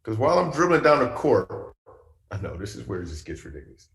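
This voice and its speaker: A man, a comedian and talk-show guest, telling a personal story in an animated way with playful punchline asides. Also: lowish voice, fast, gravelly, reverberant.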